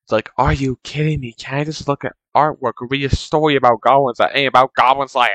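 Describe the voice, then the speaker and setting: A man's voice: mid-range voice, steady tone, quick pace, fairly bright tone, no room sound, rough recording. A man in a casual, rambling monologue, complaining in an exasperated way to his chat as a streamer.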